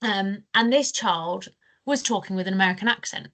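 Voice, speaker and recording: A woman's voice: medium pitch, moderate pace, a bit bright. A British woman co-hosting a podcast, chatty and full of anecdotes, acting out quotes. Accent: British English. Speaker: podcast co-host, early years trainer. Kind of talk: casual podcast discussion.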